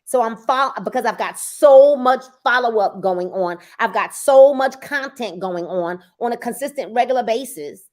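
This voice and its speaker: A woman coaching on sales in a casual motivational talk, her voice pitched a little high and swinging widely up and down. She hammers points home by repeating phrases and sometimes breaks into loud urging. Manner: emphatic, repeats phrases for effect; bursts into loud urging at times.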